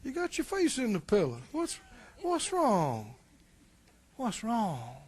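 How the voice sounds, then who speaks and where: A man's voice: sits high, huge pitch swings, slow pace, a little mellow, slightly rough, heavily acted. A man voicing a queen who coos and coaxes her sulking husband in a sugary voice. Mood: coaxing. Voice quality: cooing, sugary.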